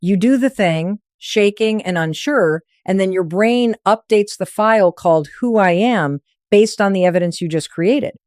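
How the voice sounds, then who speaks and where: A woman's voice: medium pitch, moderate pace, few pauses, darkish tone, dry recording, studio quality. A woman narrating a scripted motivational talk, coaching firmly in short, punchy phrases.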